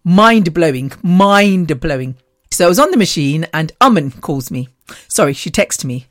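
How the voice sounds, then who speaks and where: A woman hosting a podcast, telling rambling personal stories in a chatty, animated way and laughing often. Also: low voice, brisk, dry recording, clean studio sound. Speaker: podcast host.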